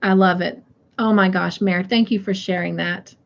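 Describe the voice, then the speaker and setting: A woman's voice: mid-range voice, steady tone, moderate pace, gravelly, muffled recording. A middle-aged woman hosting a casual crafting live stream. She reads viewer comments aloud in a chatty way and laughs easily.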